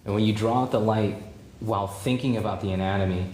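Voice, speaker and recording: A man teaching a drawing demonstration, relaxed and encouraging, thinking aloud as he draws and repeating key points. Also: fairly low pitch, fast talker. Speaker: art teacher. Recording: roomy with faint background noise.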